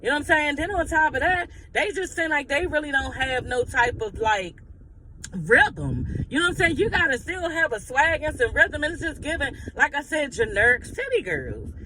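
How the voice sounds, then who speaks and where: A man's voice: very high-pitched, expressive, moderate pace, sharp tone, slight background noise, poor audio. A man giving a sassy, blunt, profanity-laced recap of reality TV drama in casual gossip style.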